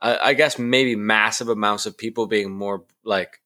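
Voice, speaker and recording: A man's voice: fairly low pitch, steady tone, normal speed, pushed and bright. A man co-hosting a casual conspiracy podcast, talking animatedly and swearing freely. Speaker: podcast co-host.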